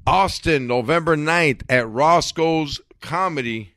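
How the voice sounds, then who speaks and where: A man's voice: on the high side, slow, fairly bright tone, no echo. A man hosting a comedy podcast, bantering loosely with friends in slang, calling them homie and dog. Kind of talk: casual joking chat with friends.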